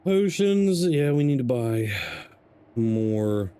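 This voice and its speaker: Rambling, mellow-voiced male game streamer. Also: medium pitch, big pitch swings, takes it slowly, clean tone. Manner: rambling storyteller, laughs often. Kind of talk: casual gameplay commentary.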